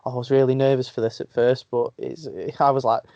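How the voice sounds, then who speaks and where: A man's voice: mid-range voice, level tone, fast talker, warm tone, no room sound. A man with a Northern English accent, a wrestler telling stories in a casual interview and laughing often. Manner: chatty storyteller, laughs often. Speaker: guest wrestler. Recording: dull lo-fi sound.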